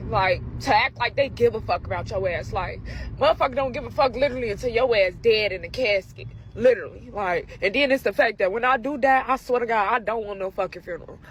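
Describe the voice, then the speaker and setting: A man's voice: very high-pitched, bright, forceful tone, a little hiss or hum. A man venting bitterly to camera, weary and swearing.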